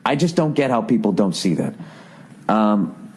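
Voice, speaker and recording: A man's voice: on the low side, sing-song, measured pace, darkish tone. A man hosting a podcast, delivering a profane, sarcastic comedic rant with exasperated energy. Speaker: podcast host. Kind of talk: ranting comedic monologue.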